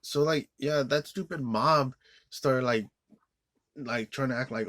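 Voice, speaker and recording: A man's voice: mid-range voice, measured pace, vocal fry, a bit bright, a little hiss or hum. A man giving an angry, profane movie review rant, rambling with many restarts and fillers. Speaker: film reviewer.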